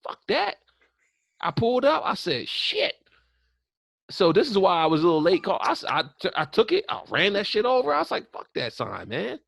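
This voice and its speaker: Talking a little fast in a high, creaky voice, a man co-hosts a casual podcast. He tells lively stories, cursing freely and performing quotes, in a dry, clean studio recording.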